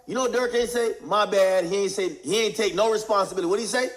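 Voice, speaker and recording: Animated man recapping a trial. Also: sits high, fast talker. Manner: animated slang-heavy retelling, acting out quotes. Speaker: commentator recapping court testimony. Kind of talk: casual commentary.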